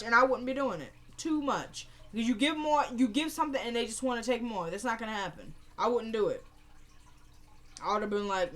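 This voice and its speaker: A woman's voice: a little high, a little fast. A woman recapping a TV episode in a chatty, rambling, opinionated way. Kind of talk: casual spoken recap.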